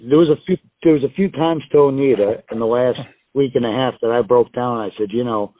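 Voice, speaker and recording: A middle-aged man, appearing as a guest on an interview show, tells stories in a loose, rambling way, punctuated by emphatic swearing. His voice is mid-range and fast, and the recording is dry and tinny, like a phone line.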